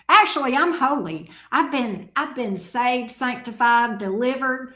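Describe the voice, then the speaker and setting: Lady tarot host, goofy teasing chat with her dog, kinda high voice, roomy echo. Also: animated, measured pace, bright, forceful tone. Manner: playful, teasing, joking. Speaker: tarot reader, channel host. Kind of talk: casual livestream chat with viewers and her dog. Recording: echoey room.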